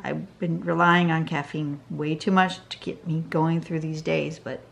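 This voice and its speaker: Woman, drawing instructor, slow and gravelly, tired, chatty as she works. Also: sits low, flat delivery. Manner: chatty, thinks aloud while drawing. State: tired, yawning. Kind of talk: casual drawing tutorial. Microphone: camera over a drawing desk.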